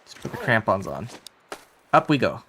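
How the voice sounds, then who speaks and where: A man's voice: on the low side, normal speed. An American man giving casual livestream gameplay commentary, chatty and swearing, talking back to his chat. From United States. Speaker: streamer playing a survival game. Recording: steady background noise.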